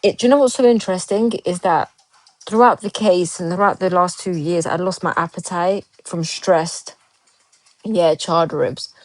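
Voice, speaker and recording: A woman's voice: on the low side, moderate pace, no echo, poor audio. A woman chatting casually on a livestream, rambling and restarting her sentences as she answers viewer comments.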